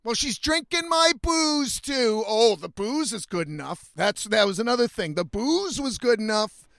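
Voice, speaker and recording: A young man with a fairly high voice rants bluntly about his life, swearing freely and sounding fed up. The sound is dry and close, with almost no room around it. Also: lively intonation, measured pace, vocal fry, a bit bright, dry recording. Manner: profane, blunt, frequently exasperated. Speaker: vlogger. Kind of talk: casual storytelling rant.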